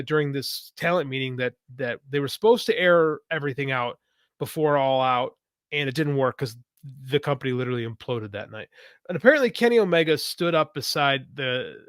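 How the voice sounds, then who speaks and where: A man's voice: on the high side, a bit bright, dry recording, clean studio sound. A man co-hosting a podcast, talking casually in a rambling way and correcting himself as he goes. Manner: rambling, self-correcting, many fillers. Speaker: podcast co-host; youth coach.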